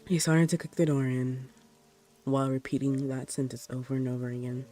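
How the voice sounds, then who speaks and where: A man reading a first-person horror story aloud in a plain, unhurried way. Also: medium pitch, fairly even intonation, mellow, soft background music.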